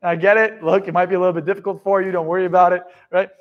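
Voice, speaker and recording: High-pitched male motivational speaker, profane, loud-to-quiet swings, live seminar. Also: level tone, rapid-fire, muffled recording.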